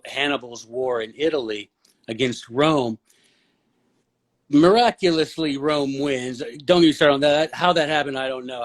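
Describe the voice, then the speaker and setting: A man speaking as a podcast guest, blunt and opinionated, with a preachy, forceful way of making his point. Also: mid-range voice. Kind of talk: casual podcast conversation.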